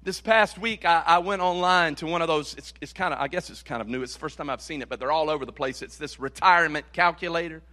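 A male pastor preaching a sermon. He repeats key phrases dramatically and swings from loud to hushed. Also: fairly high pitch, fast talker, hardly any pauses.

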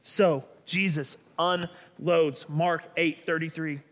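A man delivering a sermon as pastor, preaching in an animated, dramatic way with sudden emphatic bursts. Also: fairly high pitch, slow pace.

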